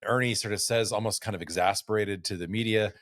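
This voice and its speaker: Forties male co-host; low voice, relaxed storyteller, dry close sound. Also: fast talker, no room sound. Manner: relaxed storytelling with many fillers. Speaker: podcast co-host. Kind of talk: casual chat.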